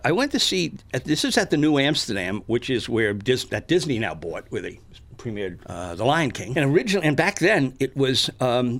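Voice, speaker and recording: An older man casually telling animated stories, acting out the voices of the people in them. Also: mid-range voice. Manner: animated, acts out shouted quotes. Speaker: storyteller guest. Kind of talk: casual storytelling chat.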